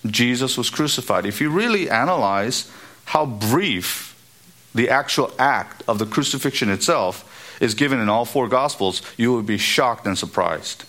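A man preaching an expository sermon, emphatic and building to high, repeated exhortations. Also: lively intonation, unhurried, a bit bright.

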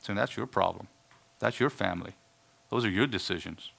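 A man preaching a sermon, stressing words loudly and then dropping to quiet asides. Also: fairly low pitch, normal speed, creaky. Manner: emphatic, swings between hushed asides and loud stressed words.

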